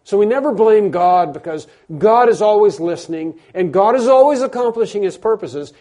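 An emphatic male pastor preaching, his voice a little higher than most men's. He drops to near-hushed asides and then rises loud, stretching out the key phrases. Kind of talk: sermon.

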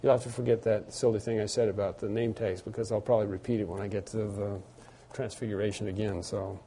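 A man's voice: on the low side, flat delivery, fast, dark tone, breathy edge. A man preaching an expository sermon, reading scripture aloud and explaining it with earnest emphasis and frequent restarts. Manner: hesitant restarts and asides. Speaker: pastor.

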